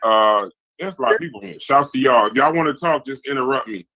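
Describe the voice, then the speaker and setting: On a low-quality recording, a man with a medium-pitched voice talks fairly quickly. He's hosting a heated casual podcast debate, animatedly reading viewers' chat comments out loud and bouncing between points.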